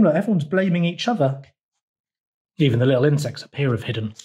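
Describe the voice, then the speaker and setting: Lively man reading a picture book aloud. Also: a little high, quick pace, long pauses. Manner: lively, asks the children questions. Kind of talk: children's storytime read-aloud.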